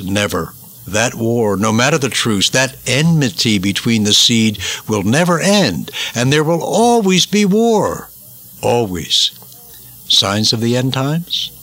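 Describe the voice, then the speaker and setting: A bright, forceful male voice from the United States delivers emphatic commentary in a preaching cadence. He repeats words for stress and builds a steady indignation. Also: lowish voice.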